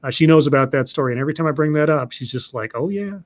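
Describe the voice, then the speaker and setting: A man's voice: mid-range voice, fairly even intonation, very fast. A man hosting a podcast, telling a story casually, with many restarts and repeated words.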